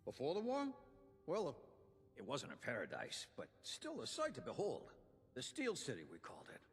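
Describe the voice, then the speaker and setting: An actor voicing a gruff older man who is a union inventor and quartermaster, speaking in a folksy, theatrical way. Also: on the high side, huge pitch swings, moderate pace, big-room sound, exaggerated voice. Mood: earnest. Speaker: game character giving quest dialogue.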